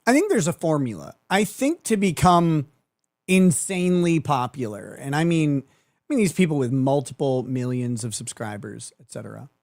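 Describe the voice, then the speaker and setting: A man's voice: fairly high pitch, no room sound. A man riffing through a mocking commentary, with a voice that swings widely up and down as he talks. He is sarcastic and profane, and he laughs often. The sound is dry, close and plain. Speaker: commentary show host.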